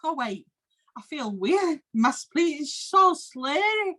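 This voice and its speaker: A woman's voice: high-pitched, big pitch swings, slow, background noise, voice pushed up, exaggerated voice. A woman voicing a naive dead female cow ghost who squeals and swoops in an improvised comedy scene. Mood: flattered. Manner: wide swooping squeals, wounded and gullible.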